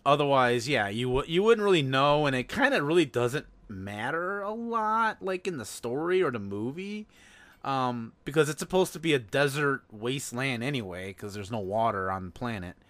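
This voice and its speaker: A man's voice: mid-range voice, expressive, moderate pace, fairly bright tone, no room sound. A man hosting a podcast, chatting casually about a movie, rambling with lots of fillers and laughs. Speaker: podcast host. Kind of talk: casual movie-review chat.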